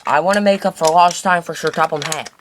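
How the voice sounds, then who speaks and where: A man's voice: a little high, fairly quick, background noise, voice pushed up, close to an everyday voice. A man voicing a rude, boastful male diesel engine with a snappy, brash manner.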